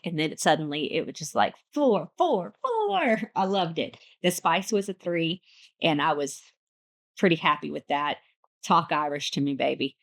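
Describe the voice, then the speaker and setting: A woman hosting a podcast, reviewing a book in a bubbly, playful, chatty way with lots of asides. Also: fairly low pitch. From United States. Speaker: podcast host. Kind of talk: casual book review chat.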